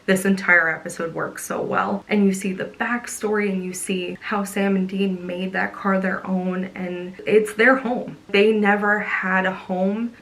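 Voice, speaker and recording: A woman's voice: medium pitch, a bit bright, low-quality recording. A young woman talks straight to her viewers in a loose, chatty vlog voice. She gushes and gets emotional, and she fills her sentences with "like" and "you know.". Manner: gushing, emotional, chatty with many "like" fillers. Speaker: vlogger. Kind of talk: casual chat.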